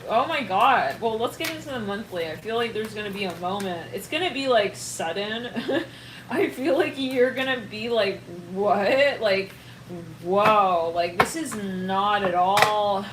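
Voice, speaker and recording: Excitable rambling woman reading tarot. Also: mid-range voice, moderate pace, roomy sound, background noise. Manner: excitable, rambling, laughs often and trails off. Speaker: tarot reader. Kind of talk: casual tarot reading to camera.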